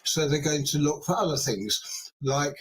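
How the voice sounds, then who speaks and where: A man's voice: on the high side, animated, a loud crowd, low-quality recording. A man who is a former police expert, speaking carefully and measuredly in a broadcast news interview. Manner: careful, measured, chooses words delicately.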